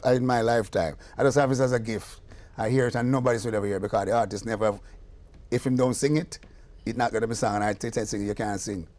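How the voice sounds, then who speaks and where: An older man with a Jamaican accent, a musician telling stories in a casual interview, acting out the voices in his tales. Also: medium pitch. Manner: animated storyteller, acts out quoted dialogue. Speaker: guest musician and producer.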